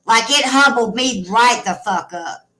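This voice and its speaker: A woman's voice: a little high, expressive, a little slow, low-quality recording. A woman telling a personal story in casual chat, blunt, swearing freely and emotional.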